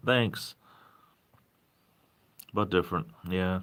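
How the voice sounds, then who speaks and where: A man's voice: low-pitched, unhurried. A man in his forties with a southeastern New England accent, rambling casually on a live stream, reading viewer chat aloud and answering it. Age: 40s. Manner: speeds up when excited.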